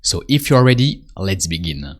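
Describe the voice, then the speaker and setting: A man giving a spoken language lesson, patiently repeating prompts and pausing for the listener to answer. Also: low voice, sing-song. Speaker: French teacher.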